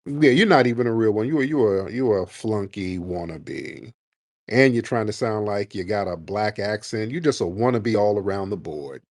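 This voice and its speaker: A man's voice: on the low side, brisk, few pauses, no room sound, clean studio sound. A man hosting a radio-style show with callers, mocking and combative, talking over the caller. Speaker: host taking callers. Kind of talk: heated call-in debate.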